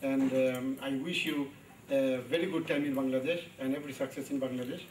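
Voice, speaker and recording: A man's voice: medium pitch, steady tone, brisk, a little mellow, distant mic, a little hiss or hum. A man giving an unplanned formal speech as a business chairman, hesitant and full of uhs. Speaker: business chairman invited to speak. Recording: echoey hall with crowd behind, off-mic.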